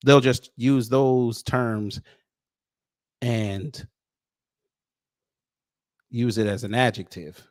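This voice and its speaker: Man, mid-pitched, animated, casual commentary host, dry close mic. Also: drawn-out words, long pauses, no room sound. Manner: animated, greets viewers by name.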